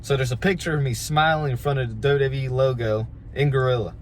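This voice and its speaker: A man's voice: mid-range voice, fast talker. A man with an ordinary mid-range voice spins a casual, rambling yarn about his wrestling days, self-deprecating and easygoing. He restarts sentences as he goes, and a faint noise sits behind him. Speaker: pro wrestler telling a story. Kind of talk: casual storytelling.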